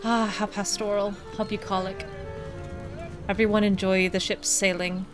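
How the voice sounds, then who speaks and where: A woman's voice: mid-range voice, level tone, moderate pace, over music. A woman streaming a video game, reading its text aloud with wry, chatty asides.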